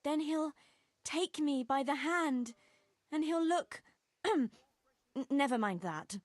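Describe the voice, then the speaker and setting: An actress voicing a lovesick young village girl in a video game, talking slowly and wistfully. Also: sits high, animated, no room sound, studio quality. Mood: dreamy. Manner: slow, wistful storytelling.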